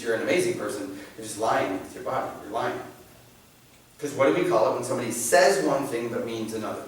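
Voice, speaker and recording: A man giving an informal faith talk to a class, animated and joking, often restarting his sentences. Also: mid-range voice. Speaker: catechism class presenter. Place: church meeting room. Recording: very echoey room, mic at a distance.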